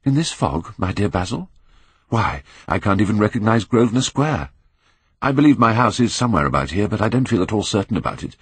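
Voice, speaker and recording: A man voicing a languid, petulant young gentleman, witty and careless. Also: on the low side, very animated, fairly quick, breathy edge, no echo, voice pushed up, full character voice. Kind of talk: audiobook character reading.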